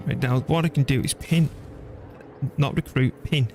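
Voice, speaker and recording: A man streaming a strategy game, chatting casually and thinking out loud as he plays, laughing easily. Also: mid-range voice, normal speed, faint music behind. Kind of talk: casual gameplay commentary.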